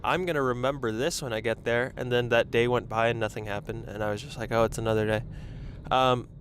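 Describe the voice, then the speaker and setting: A young man's medium-pitched, fairly bright voice carries fairly even intonation and a fairly quick pace. He's hosting a podcast alone in his car during traffic, clipped to a lapel mic and chatting in a rambling, self-conscious manner. Faint road noise can be heard.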